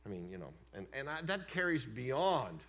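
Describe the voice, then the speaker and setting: A man preaching a sermon as pastor of a church, emphatic, swinging between loud declarations and hushed asides. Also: medium pitch, sing-song, moderate pace, creaky. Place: church sanctuary.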